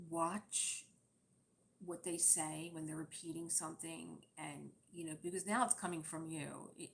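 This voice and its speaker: A chatty woman rambles through casual talk while she crafts on a livestream, laughing often. Her voice sits a little low with a gravelly edge. A faint hum of room ambience runs underneath.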